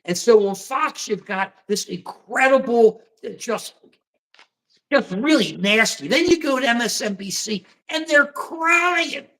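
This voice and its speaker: A man's voice: sits high, animated, measured pace, a bit bright. A man from the United States hosting a casual political livestream, rambling and repeating himself with folksy slang. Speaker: livestream host.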